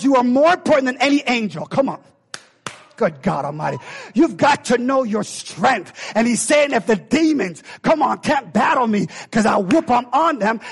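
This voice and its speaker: Male preacher, high and husky voice, impassioned sermon that swings from loud calls to hushed intensity.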